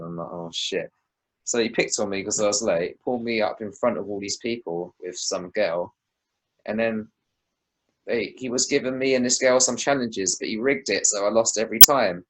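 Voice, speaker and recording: A man's voice: lowish voice, fairly quick, a bit bright, low-quality recording. A young man co-hosting a podcast, telling laid-back stories in casual chat and swearing freely. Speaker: podcast co-host.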